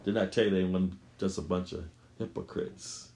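A man's voice: low voice, fairly even intonation, normal speed, dark tone, slight background noise. A man voicing Satan as a mocking male devil who laughs at hypocrites. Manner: jeering laugh.

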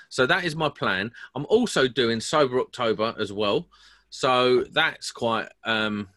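A man's voice: mid-range voice, fairly bright tone. A British man hosting a casual video call, teasing his friends and joking around. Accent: British English. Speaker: host.

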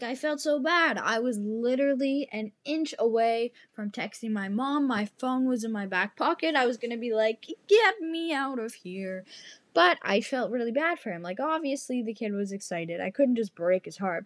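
A young woman tells a story on her podcast in an animated, dramatic way. Her voice sits a little high, and the sound is close and dry. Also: no echo. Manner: animated, dramatic storyteller who addresses listeners. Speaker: podcast host.

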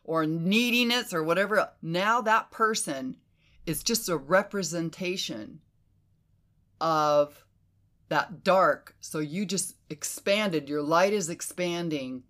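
Bright-voiced, swearing woman host. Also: fairly low pitch, slow pace. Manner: animated and emphatic, swears freely; breaks into quoted inner voices. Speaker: podcast host. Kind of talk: casual conversation.

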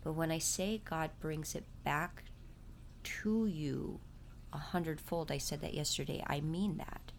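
Woman, deep voice, gravelly, confiding vlog chat, faith talk. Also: unhurried, slight background noise. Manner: chatty, confessional, talks about faith. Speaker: vlogger and mother.

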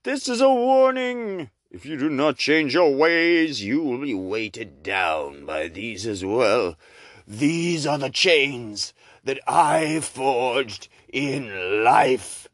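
A slow, booming chained ghost. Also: male voice, very animated, fairly bright tone, no room sound, clean studio sound, exaggerated voice. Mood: menacing. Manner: slow drawn-out booming warnings. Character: chained ghost of dead male business partner, menacing.

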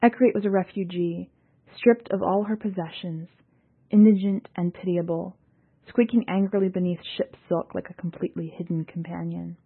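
A woman reading a science fiction story aloud in a steady, measured narration. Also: fairly low pitch, husky. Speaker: audiobook reader and podcast editor. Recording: tinny phone-like audio.

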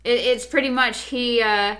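A woman in casual chat, recapping a show and acting out the characters' lines in quick voices. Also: on the high side. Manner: animated, acts out quoted lines in quick voices. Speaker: podcast co-host.

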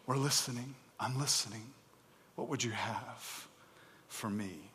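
A man's voice: medium pitch, measured pace, a bit bright, breathy edge. A man preaching a sermon as pastor, emphatic and conversational, speaking plainly to the congregation with casual asides. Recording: long hall reverb.

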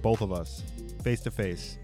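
A man's voice: on the low side, unhurried, over music. A man in his thirties co-hosting a podcast, chatting casually about football with an easygoing, hedging manner. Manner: easygoing, hedging, laughs often. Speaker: podcast co-host. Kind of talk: casual sports chat.

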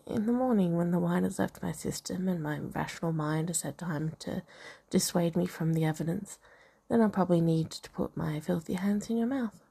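A woman's voice: lowish voice, normal speed, vocal fry, dark tone, slightly rough. A woman reading a novel aloud in a casual way, with asides and comments on the text. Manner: reads dialogue and narration, breaks off to comment and laugh. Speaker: reader of a novel.

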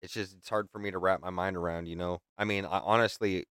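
A man's voice: low voice, fairly even intonation, fast, clean tone, dry recording, studio quality. Profane, heated man hosting a podcast. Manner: heated, profane, swings from yelling to subdued. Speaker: podcast host. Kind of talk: casual podcast chat.

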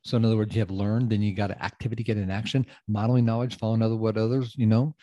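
A man's voice: lowish voice, level tone, rapid-fire, mellow, dry recording, muffled recording. A middle-aged man hosting a motivational coaching podcast, emphatic and casual, often repeating phrases for effect. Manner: casual, loose grammar.

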